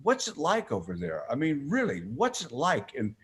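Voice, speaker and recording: A man's voice: a little high, normal speed. An older man, a guest on a radio show, chatting casually and telling stories with plenty of animation and repeated starts. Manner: animated storyteller, acts out quotes in a raised voice. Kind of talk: casual interview chat.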